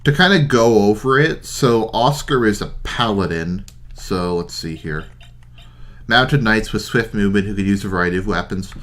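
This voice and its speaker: A man's voice: fairly low pitch, moderate pace, a bit bright. A man hosting a let's play, chatting casually and explaining game mechanics with frequent fillers. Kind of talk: casual gameplay commentary.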